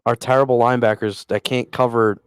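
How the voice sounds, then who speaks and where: A man's voice: mid-range voice, fairly even intonation, a little fast, smooth, no echo. Ranting man on a sports podcast. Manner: exasperated, ranting. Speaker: podcast co-host. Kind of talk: casual sports chat.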